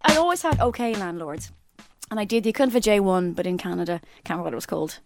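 A woman co-hosting a podcast, telling lively anecdotes in a casual chat and laughing often. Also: mid-range voice, rapid-fire, no room sound, soft background music. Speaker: podcast co-host.

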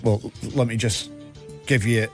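A man's voice: medium pitch, fairly even intonation, a little slow, faint music behind. A Scottish man co-hosting a football podcast, chatting in playful, jokey banter. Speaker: podcast co-host and radio presenter. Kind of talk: casual banter.

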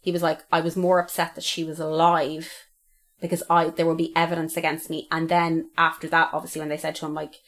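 A woman's voice: low-pitched, completely flat delivery, brisk, fairly bright tone. Blunt woman telling a crime story. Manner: blunt, swears freely, retells quotes. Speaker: podcast co-host. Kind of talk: casual true-crime podcast chat.

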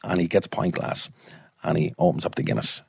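Low-voiced Irish man, swearing storyteller, dry sound. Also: a little fast, gravelly, husky, no echo. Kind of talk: casual anecdote.

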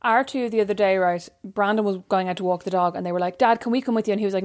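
An Irish woman co-hosting a podcast, trading quick, teasing banter in casual chat. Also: medium pitch, fairly even intonation. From Ireland. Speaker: podcast co-host.

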